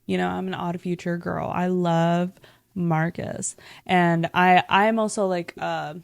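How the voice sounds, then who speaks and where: A woman's voice: lowish voice, level tone, unhurried, gravelly, clear, resonant tone, no room sound. A young woman hosting a casual chat, rambling and swearing freely with constant filler words. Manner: rambling, profane, heavy use of "like". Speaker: podcast host.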